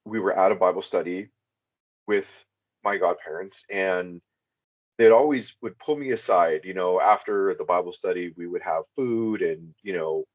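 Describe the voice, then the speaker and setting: A man's voice: low-pitched, normal speed. A man calling into a podcast, telling a long personal story in a rambling way, with many fillers. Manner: rambling, frequent "you know" fillers. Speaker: podcast caller. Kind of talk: casual first-person storytelling. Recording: dull lo-fi sound.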